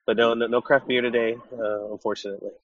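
A man co-hosting a casual football podcast while getting over a cold, talking with a slightly nasal, congested voice and a relaxed, joking manner. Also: medium pitch, quick pace, muffled recording. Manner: relaxed, joking, many restarts. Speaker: podcast co-host. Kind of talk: casual chat.

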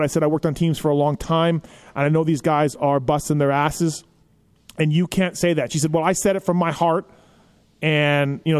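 A man hosting a podcast, telling stories in a casual, animated way with lots of filler phrases. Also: fairly high pitch. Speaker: podcast host.

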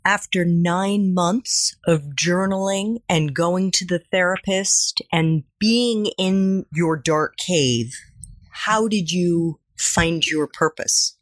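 A woman hosting a podcast interview, soft and appreciative. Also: fairly low pitch, takes it slowly, no echo, clean studio sound. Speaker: podcast host.

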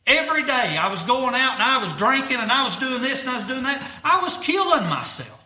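A man's voice: extremely high pitch, very animated, fairly quick, bright, forceful tone, roomy sound. A young man preaching earnestly, repeating himself and using folksy grammar. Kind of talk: sermon.

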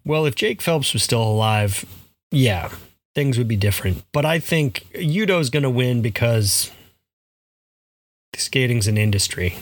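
A man's voice: medium pitch, lively intonation, a little slow, no echo. A man co-hosting a podcast, easygoing and dry, arguing in a playful way. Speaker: podcast co-host. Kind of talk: casual podcast banter.

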